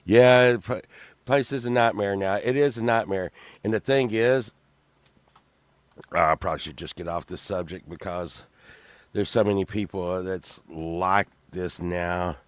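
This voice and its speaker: A slow-talking middle-aged man with a Texan drawl and a lowish voice, rambling through casual chat while sounding tired after a late night. He drifts from mumbled asides to sudden loud bursts, recorded close and dry. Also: clear, resonant tone, no room sound. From Texas. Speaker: show host.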